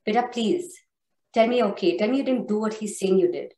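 A woman's voice: medium pitch, animated, a little fast, dark tone, lightly acted. A woman voicing a panicked, loving mother pleading on the phone. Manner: pleading, anxious. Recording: roomy echo.

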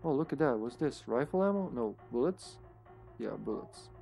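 A man streaming a horror game, talking casually to himself as he plays, often trailing off into quiet mutters. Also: medium pitch, lively intonation, moderate pace, vocal fry, faint music behind. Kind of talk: casual gameplay commentary.

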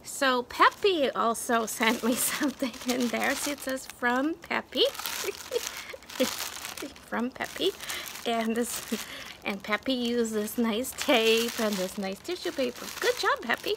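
Gravelly, chatty woman vlogger. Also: on the high side, animated, measured pace. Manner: chatty and gushing, with many fillers. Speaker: craft vlogger. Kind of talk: casual show-and-tell chat. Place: at home. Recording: background noise of crinkling packaging.

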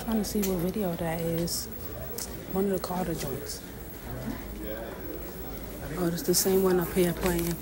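A woman's voice: on the low side, unhurried, long pauses, a crowd in the background. A woman filming a casual vlog as she walks through a museum exhibit, talking to herself in amazed, emotional asides. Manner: excited, emotional, talks under her breath to herself. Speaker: vlogger touring an exhibit. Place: indoor museum exhibit among crowds.

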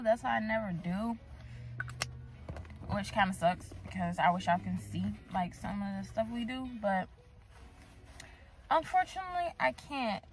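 A young woman vlogging casually as a student, chatty and expressive, with lots of slang and fillers. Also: fairly high pitch, poor audio. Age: young adult. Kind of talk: casual vlog chat.

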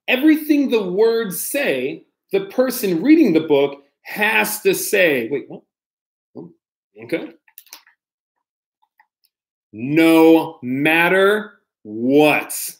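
A man's voice: high voice, sing-song, extremely slow, long pauses. A man, a pastor, reading a children's picture book aloud to kids on a livestream, playful and talking straight to them. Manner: playful, talks directly to kids, mock-outraged squeals. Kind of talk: animated storybook read-aloud on a livestream.

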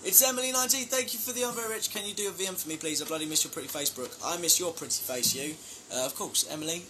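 A man's voice: a little high, rapid-fire, bright, forceful tone, a little hiss or hum. A young man chatting casually on a live stream, reading out fan names and thanking them for gifts. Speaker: band member live-streaming to fans.

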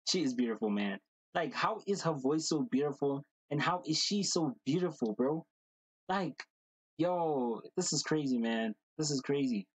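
A man hosting a reaction video, talking casually and excitedly, gushing and repeating slang fillers. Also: a little high, normal speed, breathy edge, no echo, rough recording.

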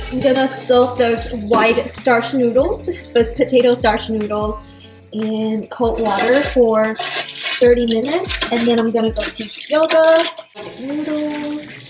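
A woman's voice: on the high side, takes it slowly. A young woman chatting enthusiastically in a casual cooking and grocery vlog, repeating words for emphasis. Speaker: vlogger. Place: home kitchen. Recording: music playing behind.

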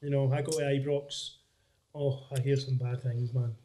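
A young Scottish man hosting a podcast, chatting casually and telling lively stories. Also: medium pitch, moderate pace, a crowd in the background. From Scotland. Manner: animated storytelling, mimics others' voices. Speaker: podcast host. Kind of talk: casual chat.

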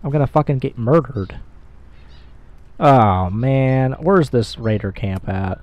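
A young man giving excitable, profanity-heavy commentary while playing a video game, with frequent loud outbursts. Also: medium pitch, slow, dry recording, muffled recording. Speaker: gamer. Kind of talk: let's play commentary.

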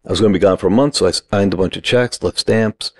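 Low gravelly man telling a story. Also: fast, no echo. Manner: acts out the other people's lines in the story; short punchy sentences. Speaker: acting teacher, podcast guest. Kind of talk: animated storytelling.

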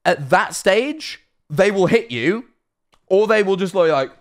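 A man's voice: high-pitched, animated, measured pace. A young man casually reacting to videos on stream, rambling, swearing freely and laughing often.

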